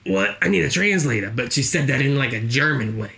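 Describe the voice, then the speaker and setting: A man's voice: medium pitch, steady tone, brisk, sharp tone, lightly acted. A man playing a boastful, rambling jobless guy with a put-on accent, spinning tall tales in an improvised comedy interview.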